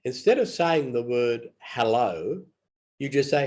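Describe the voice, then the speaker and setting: Aussie guy teaching english, takes it real slow, says every phrase twice, a bit under the weather. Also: medium pitch, lively intonation. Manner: slow and repetitive, models phrases aloud. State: unwell. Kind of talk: casual spoken lesson.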